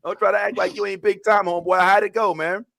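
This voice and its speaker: Male host, a touch high-pitched, playful ribbing delivery, dry sound. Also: quick pace, creaky, no room sound. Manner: playful teasing, animated. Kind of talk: casual chat.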